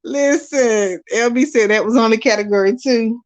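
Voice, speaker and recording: A woman hosting a live watch-along, reading viewer comments aloud and chatting casually to her audience, animated and quick to laugh. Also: a little high. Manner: animated, laughs often, talks straight to viewers. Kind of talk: casual live-stream chat.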